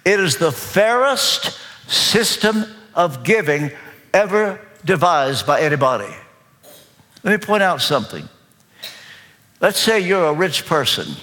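A man with a Kentucky accent preaching a sermon as pastor, slow, deliberate and emphatic. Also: sits high, big pitch swings, pushed and bright. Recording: long reverb of a large hall.

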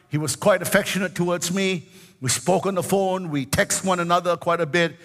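A man's voice: on the high side, fairly bright tone, long reverb tail. A man in his sixties preaching a sermon as pastor, fervent, with frequent hallelujahs and a sing-song lift on key words. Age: 60s.

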